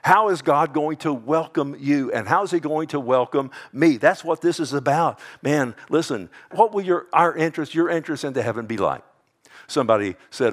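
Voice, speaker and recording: A pastor preaching a sermon, calling out to his congregation and swinging between hushed asides and loud, emphatic passages. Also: fairly high pitch, lively intonation, moderate pace.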